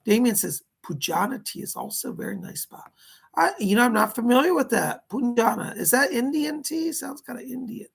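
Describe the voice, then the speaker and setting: A man's voice: very high-pitched, expressive, moderate pace, vocal fry, slightly rough. A man hosting a psychic astrology livestream, chatting casually and reading out viewer comments as he responds to them. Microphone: computer setup at a keyboard.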